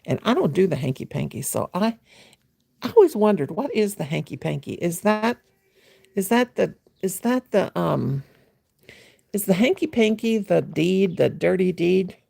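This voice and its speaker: A woman hosts a casual late-night livestream from her home, rambling along in an unhurried way. Her voice is gravelly and slightly husky, and it swoops up and down a lot as she teases and greets her viewers by name. The sound is close and dry. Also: medium pitch, big pitch swings, darkish tone, dry recording. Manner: teasing, playful, mimics a gushing voice. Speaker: livestream host.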